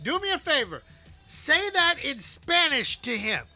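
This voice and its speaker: A man's voice: very high-pitched, sing-song, a little slow, vocal fry, sharp tone, dry recording, soft background music. A man hosting a morning radio show, playful and teasing in casual banter with his co-host.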